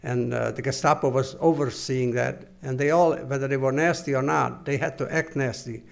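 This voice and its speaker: An older man giving oral history testimony to an interviewer, halting and earnest, with many pauses and restarts. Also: mid-range voice, steady tone, creaky. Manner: measured, earnest recounting.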